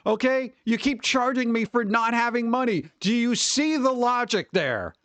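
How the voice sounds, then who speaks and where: A man's voice: extremely high pitch, animated, normal speed, a bit bright, clear, resonant tone, no room sound. A man in his forties, hosting a stream in casual chat, ranting and swearing lightly about everyday annoyances. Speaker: streamer host.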